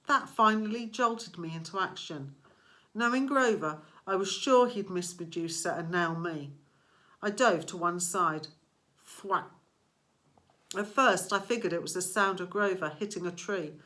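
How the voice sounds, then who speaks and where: A woman reads a novel aloud as the narrator, taking her time with each sentence. Her tone is bright and clear, and her pace stays unhurried. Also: fairly low pitch. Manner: slow, deliberate reading. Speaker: audiobook reader. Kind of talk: scripted narration.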